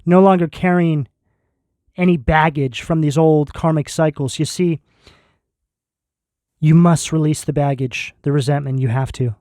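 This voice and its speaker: A fairly high-voiced man with a mellow, dark tone, reading tarot in slow, emphatic statements. He lands each line with intense conviction. The sound is dry and close. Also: steady tone, dry recording. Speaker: tarot reader.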